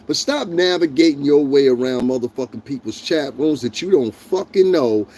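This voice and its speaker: Man, livestream host, angry profane ranting, addresses chat, mellow tone, a bit high-pitched. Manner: heated, profane, confrontational; talks directly to chat viewers.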